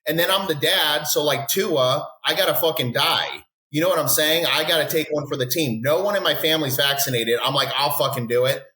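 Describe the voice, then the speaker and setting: Profane storytelling man, bright echoey sound. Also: a little high, a little fast, hardly any pauses. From Texas. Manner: profane, rambling, animated. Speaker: podcast guest. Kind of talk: casual storytelling. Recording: roomy echo.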